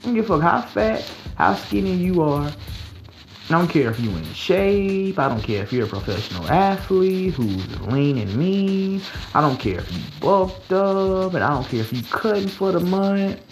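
A man's voice: sits high, very animated, moderate pace, slight background noise, rough recording. Rambling, profane young man. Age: 20s. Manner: rambling, profane, slangy, with many restarts. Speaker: livestream host. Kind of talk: casual late-night monologue.

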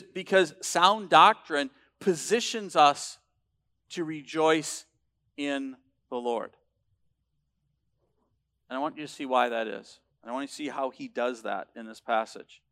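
A male pastor preaching a sermon, emphatic and building to loud declarations, with frequent restarts. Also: fairly high pitch, measured pace, long pauses.

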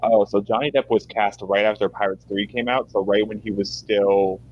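A man's voice: fairly low pitch, steady tone, moderate pace, muffled recording. A man co-hosting a casual movie-watching podcast, making dry wisecracking asides. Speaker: podcast co-host.

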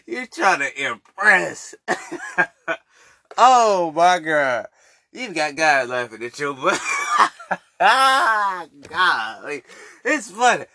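High-pitched, lively laughing man ranting. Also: very slow, long pauses, dry recording, clean studio sound. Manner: animated, laughs often between phrases, repeats himself; mocking, boastful street slang. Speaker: podcast host. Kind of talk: solo ranting monologue. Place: seated indoors. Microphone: mic on a stand he keeps pulling down.

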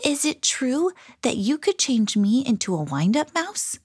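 Woman doing eager little boy mouse, storybook, high lively voice, dry sound. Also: a little slow, dry recording. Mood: hopeful. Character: small eager young male mouse.

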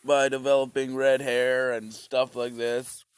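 A man's voice: mid-range voice, flat delivery, unhurried, clean tone, dry recording. A man doing a crude, meandering comic monologue, now and then breaking into grunted caveman noises.

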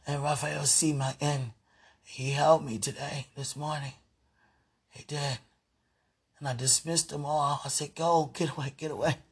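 A man giving an intimate spiritual monologue, breathy and halting. He hums and murmurs between phrases and often trails off with "you know". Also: fairly high pitch, flat delivery. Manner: opens in a hushed whisper. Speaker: podcaster.

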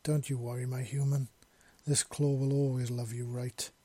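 A man reading the lines of a tender male creature lover, speaking in a soft, low growl. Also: little pitch movement, moderate pace, slightly rough, close to an everyday voice.

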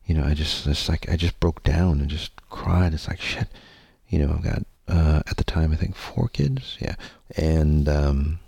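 A man's voice: a bass voice, normal speed, creaky, mellow, husky, no room sound. A man telling a candid personal story to his audience, rambling and earnest, with many fillers and some casual swearing.

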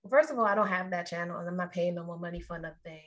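A woman's voice: lowish voice, fast, a bit bright. Chatty woman podcast co-host. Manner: chatty, meandering, with asides to listeners. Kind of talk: casual chat.

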